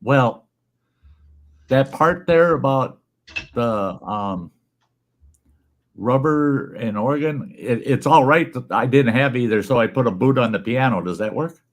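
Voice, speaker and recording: A man's voice: medium pitch, unhurried, pauses often, voice pushed up. A man voicing a bewildered husband complaining to his doctor, in a pleading, hesitant way as he tells a joke. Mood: aggrieved.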